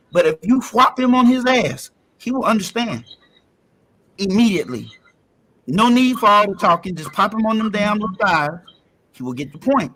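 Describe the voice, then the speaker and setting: A man's voice: very high voice, sharp tone. A man speaking as a panelist in a heated discussion, emphatic and blunt, repeating his points and swearing freely. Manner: emphatic, repetitive, blunt and profane.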